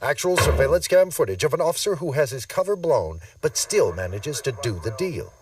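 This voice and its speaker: A man's voice: fairly high pitch, very animated, brisk, far from the mic, noisy background. A man hosting a jokey TV crime show, narrating with a wry, punchy delivery. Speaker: host. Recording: TV audio with music behind, from off mic.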